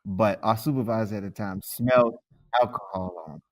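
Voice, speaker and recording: A man's voice: lowish voice, a little fast. A man co-hosting a casual podcast chat, loose and profane, laughing often and acting out the people in his stories. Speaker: podcast co-host.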